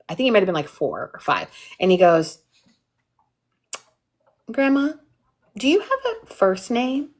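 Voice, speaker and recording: A young adult woman hosting a live workshop, chatting casually and telling an animated family story full of quoted voices. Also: fairly low pitch. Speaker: workshop host. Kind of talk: casual livestream chat.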